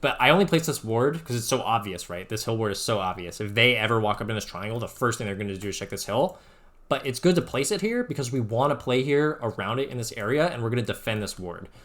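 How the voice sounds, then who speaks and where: A man's voice: mid-range voice, expressive, fast talker, fairly bright tone. Rambling young man breaking down gameplay. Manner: rambling, filler-heavy, says "like" constantly. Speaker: Dota coach analyzing his own gameplay. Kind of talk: casual gameplay commentary.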